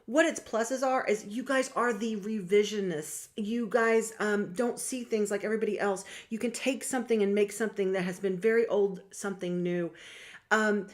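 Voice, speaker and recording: A woman's voice: medium pitch, moderate pace. Chatty woman vlogger on astrology. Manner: chatty, animated, acts out quoted voices. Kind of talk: casual talk to camera.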